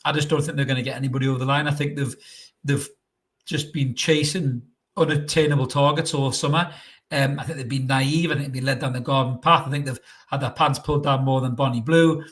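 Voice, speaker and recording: A man's voice: medium pitch, fairly even intonation, brisk. A man ranting to camera as a football fan vlogger, frustrated and blunt, swearing freely and hammering his points with repetition. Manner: repetitive and emphatic. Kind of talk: solo opinion rant to camera.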